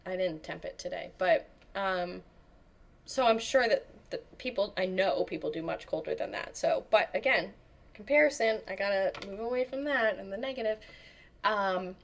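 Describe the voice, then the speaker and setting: A woman chatting as an interview guest, animated, acting out the voices of people she quotes. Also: medium pitch, normal speed, gravelly. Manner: animated storyteller, acts out quotes. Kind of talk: casual interview chat.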